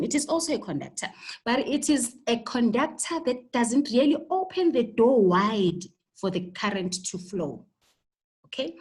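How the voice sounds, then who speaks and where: A woman's voice: mid-range voice, a little mellow, poor audio. A woman with a South African accent teaching a school technology lesson, stammering on repeated words and checking in with "okay?" often. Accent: South African English. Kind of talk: live online lesson.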